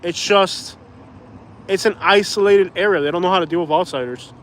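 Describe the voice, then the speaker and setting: A man's voice: sits high, moderate pace, fairly bright tone, a little hiss or hum. A man chatting casually on a livestream, rambling and laughing as he talks. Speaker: vlogger, livestream host.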